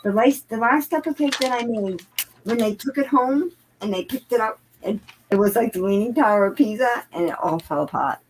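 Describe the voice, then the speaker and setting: A middle-aged woman with a Boston accent, talking in a casual group chat, expressive and exasperated. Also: on the high side, noisy background. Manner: expressive, exasperated, quick to laugh.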